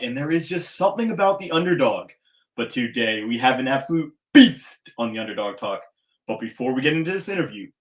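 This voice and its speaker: A man hosting a podcast interview, talking in an effusive, enthusiastic way, with hype-style introductions. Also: medium pitch. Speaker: podcast host.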